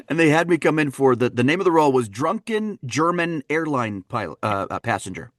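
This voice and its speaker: A man, an actor and dialect coach, telling lively stories in a casual interview and acting out what others said. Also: a little high, moderate pace, no room sound, studio quality. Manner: animated storyteller, acts out quotes, laughs often. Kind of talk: conversational interview.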